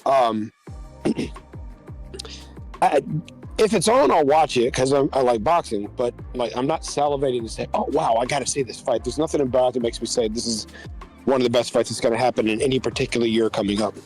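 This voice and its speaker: A man co-hosting a podcast, giving measured opinions in casual chat with plenty of fillers. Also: medium pitch, a little mellow, faint music behind, poor audio. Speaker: podcast co-host.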